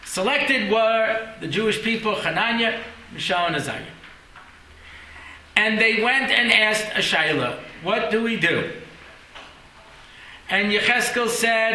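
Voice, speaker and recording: A man leads a lively Torah class, telling stories packed with jokes and quick acted-out voices. His voice is very bright and forceful, a little higher than most men's. The room is echoey, with faint background noise. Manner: storytelling with jokes, acted-out voices, frequent "yeah?". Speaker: Torah teacher.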